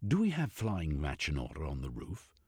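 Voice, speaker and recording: Brief: impatient young revolutionary, pressing and forceful, low husky voice, a man reading the part. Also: huge pitch swings, moderate pace, dry recording, clean studio sound, exaggerated voice. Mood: urgent.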